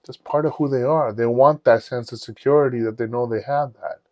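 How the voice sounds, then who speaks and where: A man on a podcast telling personal stories in a candid, profane, animated way. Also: mid-range voice, brisk, dry recording, lo-fi sound. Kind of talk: casual storytelling chat.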